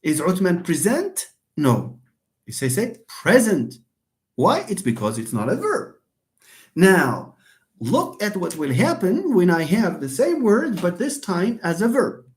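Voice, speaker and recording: Moroccan male English teacher, animated up-and-down delivery, patient and repetitive. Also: high-pitched, a little slow. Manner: switches between English and Darija, repeats key points; animated, calls on students by name. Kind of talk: online classroom lesson.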